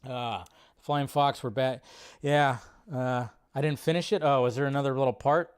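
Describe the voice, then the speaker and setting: A man hosting a live stream, reacting to a movie trailer in an excitable, rambling way and swearing freely. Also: medium pitch, moderate pace, clean tone. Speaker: host. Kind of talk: casual live-stream commentary.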